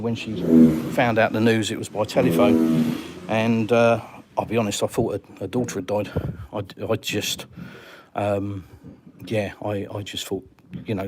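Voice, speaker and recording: A middle-aged English man with an English accent, chatting casually on a live stream from his house and answering viewers' comments. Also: on the low side. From England. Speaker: livestream host. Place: at home in a house. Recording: clear background noise with clicks.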